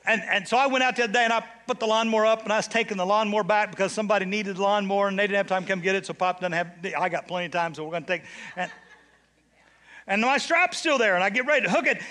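An older man preaching in church, his voice pitched high for a man and bright in tone. He tells his stories with rising excitement, then drops low and quiet to drive the point home. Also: fast talker. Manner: storytelling preacher swinging between hushed and shouted. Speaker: bishop. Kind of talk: sermon.

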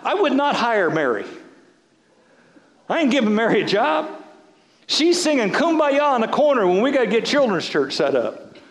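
A high, lively male voice preaching in a big church hall, the sound trailing off in a long reverb. He is a middle-aged pastor who jokes, laughs and restarts his sentences as he goes. His pitch swings widely from line to line. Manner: animated, joking preacher with laughs and repeated restarts. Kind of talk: sermon.

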